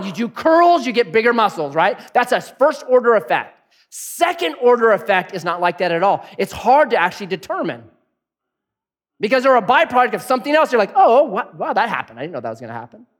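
A pastor delivering a sermon in a conversational, animated way, often asking the congregation questions. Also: male voice, extremely high pitch, normal speed.

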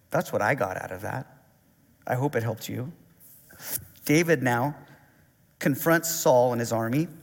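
A man preaching a sermon, animated and conversational, reading scripture aloud. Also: medium pitch, long reverb tail. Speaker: pastor.

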